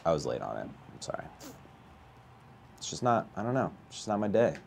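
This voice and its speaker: A man playing a baseball video game live, chatting with viewers and ranting with a voice that climbs high when he gets outraged. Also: very animated, normal speed, gravelly, darkish tone, slight background noise. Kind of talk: live gameplay commentary and chat.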